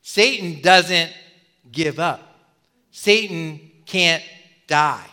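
A male pastor giving a sermon in a conversational, animated way, telling a story with many asides. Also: a little high, very slow, long reverb tail.

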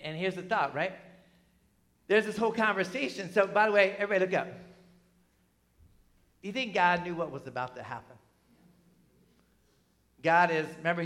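High-voiced, animated man preaching. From New Jersey. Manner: conversational and animated, with many asides and tag questions. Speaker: pastor. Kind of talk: sermon.

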